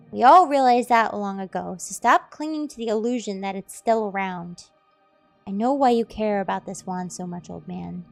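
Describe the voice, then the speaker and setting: A woman's voice: medium pitch, creaky. A young woman streamer reading a story game's dialogue and narration aloud, switching between character voices. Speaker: streamer voicing game characters.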